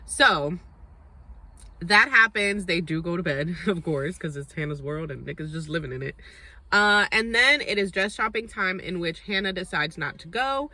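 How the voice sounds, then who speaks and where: Woman, young adult, bright voice, sassy, opinionated, chatty vlog recap. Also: on the low side, lively intonation, moderate pace, no echo. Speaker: reality TV recap vlogger. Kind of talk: casual recap and commentary.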